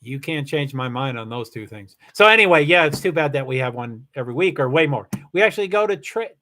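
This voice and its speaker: A man's voice: a little high, lively intonation, a little fast, few pauses, pushed and bright. A middle-aged man hosting a livestream, chatting casually with viewers, rambling with frequent restarts and the odd swear word. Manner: rambling, restarts often, swears when heated. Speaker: livestream host reading chat. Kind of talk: casual chat.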